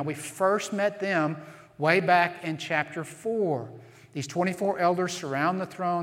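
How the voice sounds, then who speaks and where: A man preaching a sermon as pastor, earnest and emphatic, slowing down to stress key phrases. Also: a little high. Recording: long reverb of a large hall.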